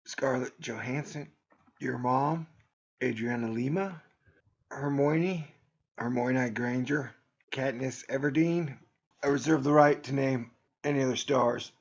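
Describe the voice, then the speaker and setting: A man's voice: mid-range voice, creaky, husky, lo-fi sound. A man hosting his own video channel, rambling through a sarcastic, jokey monologue and laughing at his own jokes. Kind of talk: casual joking monologue.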